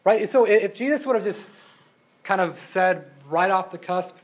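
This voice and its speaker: Casual preacher with a high male voice, shifts from loud emphasis to quiet asides. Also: lively intonation, normal speed. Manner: casual, rhetorical questions, tag "right?". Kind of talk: conversational sermon.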